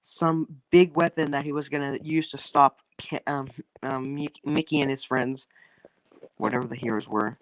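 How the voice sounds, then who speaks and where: A man's voice: mid-range voice, steady tone, normal speed, low-quality recording. A young man on a phone in an online call, retelling a story in a loose, rambling way, with many restarts, fillers and casual swearing.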